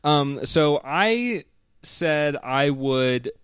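A man with a Midwestern twang co-hosts a laid-back podcast. He rambles loosely, leans on fillers and drops the odd swear. His voice is smooth and clear, recorded dry and close. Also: on the high side, lively intonation, extremely slow, dry recording. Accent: Midwestern American. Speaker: podcast co-host. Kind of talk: casual podcast chat.

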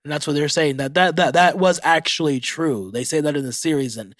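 A man's voice: fairly high pitch, brisk, a bit bright, no room sound, studio quality. A young man hosting a casual solo podcast, reading facts aloud and reacting with profanity. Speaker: podcast host.

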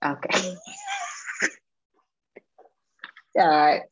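A woman co-hosting a podcast in casual chat. She is blunt and animated and says "like" a lot. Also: sits low, extremely slow, dull audio, slight background noise. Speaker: podcast co-host.

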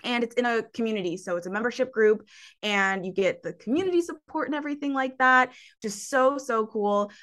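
A woman coach talking casually in an interview, animated and laughing often. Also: a little high, a little fast. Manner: animated, laughs often, acts out her own past voice.

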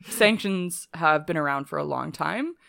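A woman's voice: sits low, expressive, measured pace, vocal fry, fairly bright tone, dry recording, studio quality. A woman co-hosting a podcast, steadily explaining from prepared notes with casual asides. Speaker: podcast co-host.

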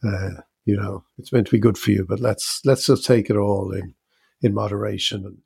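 A middle-aged Irish man co-hosting a chat podcast, relaxed and meandering with plenty of fillers. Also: lowish voice, moderate pace, vocal fry, husky, no echo, studio quality. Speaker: podcast co-host. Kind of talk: casual chat.

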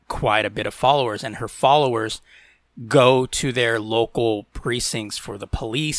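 Bright-voiced laughing man podcaster. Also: no echo, studio quality. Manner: laughing storyteller, mimics people in high voices. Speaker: podcast co-host. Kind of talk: casual chat.

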